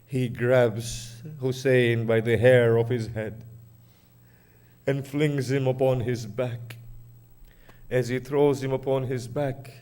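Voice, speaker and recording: Slow, mournful male preacher. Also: medium pitch, steady tone, a little mellow. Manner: dramatic, grieving. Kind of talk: mournful sermon narration.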